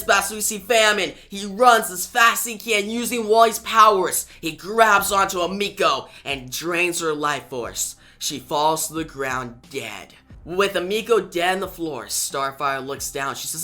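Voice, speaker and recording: A bright, forward-sounding voice recaps a comic book storyline in a casual, eager way, reading the characters' lines aloud along the way. The pitch sits mid-range, with faint music playing under the talk. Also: expressive, unhurried, hardly any pauses. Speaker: comic book reviewer and channel host.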